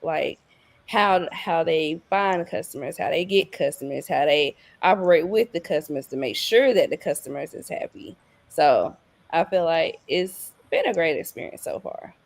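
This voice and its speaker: A young woman, a new team member, chatting casually as a guest with short, relaxed answers. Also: low voice, moderate pace, creaky, dry recording. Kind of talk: casual interview chat.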